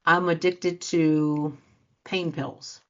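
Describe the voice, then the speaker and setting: A woman's voice: sits low, little pitch movement, extremely slow, fairly bright tone. A woman life coach giving an earnest motivational talk to listeners, acting out quoted reactions as she speaks. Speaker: life coach and show host. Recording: dull lo-fi sound.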